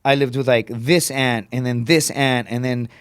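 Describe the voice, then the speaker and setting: A comedian guesting on a podcast tells blunt, profane stories at a rapid clip, peppered with "dude" and "right?", and acts out other people's voices by raising his pitch. His intonation is fairly even and his tone clear and resonant, with no room sound.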